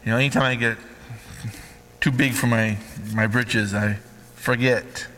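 A man's voice: medium pitch, steady tone, a little slow, a bit bright, big-room sound, a little hiss or hum, rough recording. A man preaching a sermon with emphatic call-and-response questions to the congregation.

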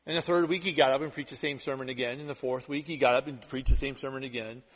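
A male pastor preaching a sermon, telling stories with lively acted-out quotes. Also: medium pitch, fast. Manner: animated storytelling, acts out quotes. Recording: long hall reverb.

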